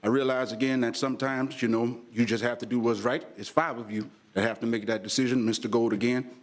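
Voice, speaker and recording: A man's voice: mid-range voice, steady tone, brisk. A man, a reverend, giving an earnest, conciliatory public comment at a podium microphone in a city commission chamber, with a preacher-like cadence.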